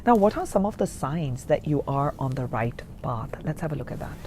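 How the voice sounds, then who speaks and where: A woman giving a general spiritual reading to her viewers, chatty and rambling, who often checks in with "okay?" and moves between hushed and excited moments. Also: low-pitched, fairly quick, hardly any pauses, background noise. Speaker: spiritual card reader.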